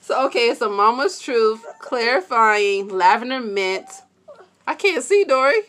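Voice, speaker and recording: A young woman chats to her viewers about a product haul from her home. She gushes and exclaims, and her pitch leaps about a lot. A faint hum of background noise runs under her voice. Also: measured pace. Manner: gushing and excitable, addresses viewers as y'all and you guys. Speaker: vlogger. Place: home, indoors.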